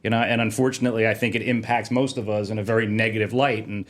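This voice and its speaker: A man who works as a fire protection engineer, chatting casually as a podcast guest and telling lively stories. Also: lowish voice. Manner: fast, animated storyteller, mocks officials in a sing-song voice. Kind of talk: casual interview chat.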